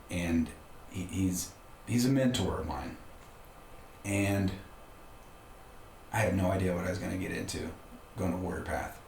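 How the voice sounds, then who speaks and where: A man's voice: low voice, darkish tone. A middle-aged man, a podcast guest, telling a personal story in a candid, conversational way with frequent restarts. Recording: roomy room with faint background noise.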